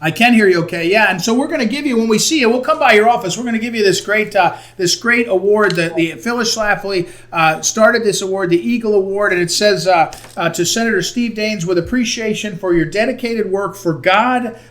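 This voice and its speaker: A man interviewing a guest over a video call, halting often with fillers and restarts. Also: sits high, a bit bright. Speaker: interviewer for a conservative group.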